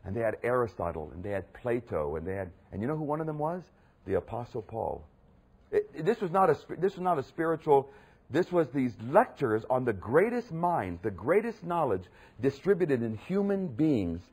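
A man preaching a sermon with emphatic delivery, jumping from loud exclamations to low, quiet asides. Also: very animated, moderate pace, breathy edge. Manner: emphatic, swinging between loud outbursts and low murmurs.

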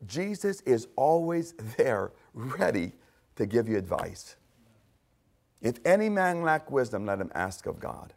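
Older male pastor, fairly high voice, lively sermon delivery, loud-to-hushed swings. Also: vocal fry. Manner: animated, dramatic shifts between loud exclamations and hushed asides.

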